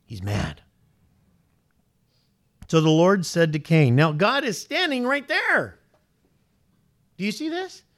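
A man preaching a sermon to a congregation, animated and questioning, his pitch rising sharply on points of emphasis. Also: slow, pauses often. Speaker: pastor.

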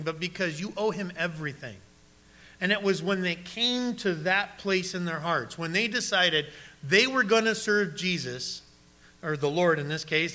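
Male pastor, sermon delivery, bright tense tone, slightly high. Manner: preaching, direct questions to the congregation.

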